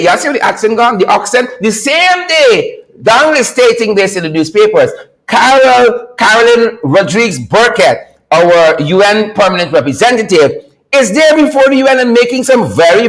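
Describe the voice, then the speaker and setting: This is a man with a fairly high voice, hosting a political livestream. He delivers sarcastic commentary in an animated, teasing way, laughing often and repeating phrases over and over for emphasis. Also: moderate pace, rough recording. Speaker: host.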